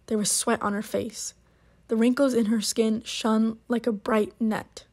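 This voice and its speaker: A woman narrating a short story aloud in a measured, unhurried way. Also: fairly high pitch, level tone, a little mellow.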